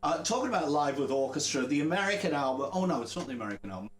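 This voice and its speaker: A man hosting a casual live-stream chat, relaxed and rambling with fillers and chuckles. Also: on the high side, racing. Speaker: host.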